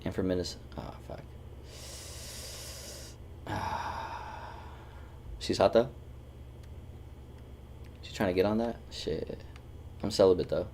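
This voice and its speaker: Deep, gravelly man teasing his stream chat. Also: takes it slowly, pauses often, dark tone, a little hiss or hum. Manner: loose, teasing banter with swearing. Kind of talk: casual gaming stream chat.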